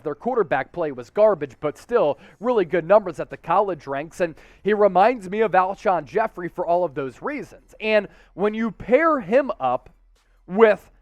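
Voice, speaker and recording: A man's voice: high voice, dry recording, highs cut off. A man hosting a sports analysis show, talking with energy, slang and the odd sarcastic aside.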